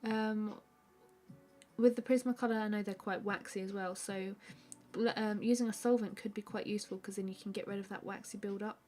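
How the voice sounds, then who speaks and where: A woman, an artist hosting a live stream, chatting casually and answering viewer questions with a relaxed, rambling manner full of fillers. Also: medium pitch, brisk. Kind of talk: casual chat while drawing.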